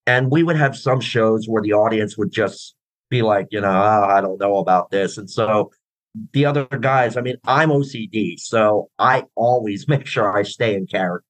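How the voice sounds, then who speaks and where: Speaking at normal speed in a voice on the low side, a man guesting on a casual interview rambles at length, restarting often and filling pauses. He drums in a tribute band, and the low-quality recording has no room sound.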